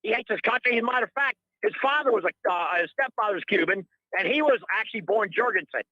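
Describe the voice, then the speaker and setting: A man's voice: high voice, animated, fast, pushed and bright, dry recording, lo-fi sound. A middle-aged man calling in to a radio show, ranting in a heated, rambling, indignant way and repeating himself. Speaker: caller. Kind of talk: heated call-in rant.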